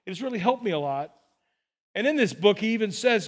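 High-voiced male pastor preaching. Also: animated, a little fast. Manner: conversational preaching with rhetorical questions. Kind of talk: sermon. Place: church sanctuary.

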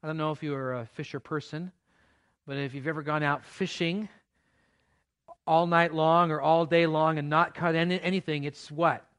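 A pastor preaching a sermon in church, in a conversational way with playful asides. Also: male voice, on the high side, steady tone, normal speed, fairly bright tone, clean tone.

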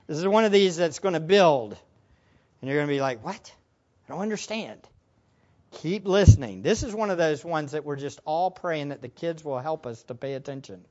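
A man preaching a sermon as pastor, emphatic, asking rhetorical questions and swinging between loud and soft. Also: fairly high pitch, animated, brisk, lo-fi sound.

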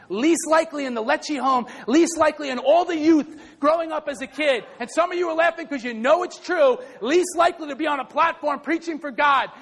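A male pastor preaching a lively sermon, often shouting and joking with the congregation. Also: very high-pitched, slight background noise.

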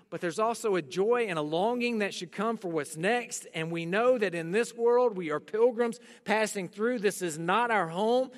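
High-voiced preacher in a reverberant hall. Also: male voice. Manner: emphatic preaching that swings from loud calls to hushed scripture reading. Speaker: pastor. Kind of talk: sermon. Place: church sanctuary.

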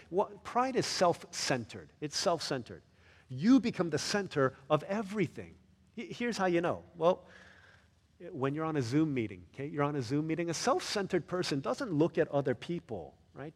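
This pastor's male voice is fairly high and slightly rough, echoing with a long reverb tail in the church. He preaches in an animated, conversational style, frequently putting questions to his listeners.

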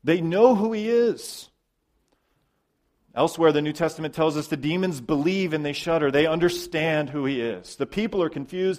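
A man preaching a sermon as pastor, emphatic, with loud stresses, quiet drops and repeated words. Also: on the high side.

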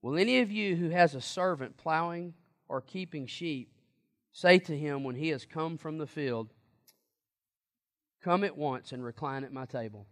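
A man's voice: a little high, unhurried, a bit bright. A man preaching a sermon in a conversational, emphatic way and asking the congregation questions.

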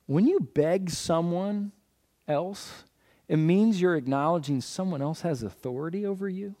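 Man, guest pastor, sermon, somewhat high voice, mellow tone, asks questions and answers them, quick jokes.

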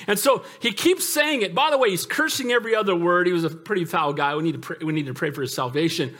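A man with a high-pitched voice preaches to his congregation, emphatic and conversational. He jokes with the listeners and keeps calling out for amens. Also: expressive, fast talker, hardly any pauses, a bit bright. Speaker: pastor. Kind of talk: sermon.

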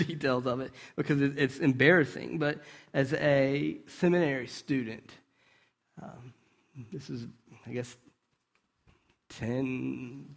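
A man's voice: mid-range voice, gravelly. A man giving a conversational sermon, asking rhetorical questions and checking in with his listeners. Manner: storytelling with brief restarts. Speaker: preacher.

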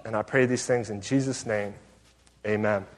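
A man's voice: lowish voice, fairly even intonation, normal speed, slight background noise. A man preaching a sermon as pastor, telling a personal story in an earnest, conversational way. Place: church sanctuary. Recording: long hall reverb.

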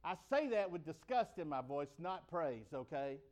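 A man preaching a sermon in a conversational way, building to loud emphatic peaks and then dropping low and slow. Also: big pitch swings.

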